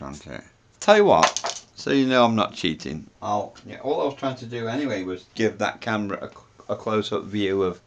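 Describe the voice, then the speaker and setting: Low, deep-voiced British man running a home experiment on camera, chatty, swears a lot. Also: slight background noise. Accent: British English. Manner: chatty, thinks aloud, swears freely. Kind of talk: talking through a home experiment.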